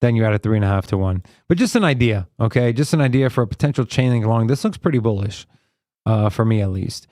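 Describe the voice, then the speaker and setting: Relaxed man talking through trading charts. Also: on the low side, quick pace, no echo, clean studio sound. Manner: relaxed, thinks aloud with fillers while reading charts. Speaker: co-host and trader on a live trading show. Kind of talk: casual live chart analysis.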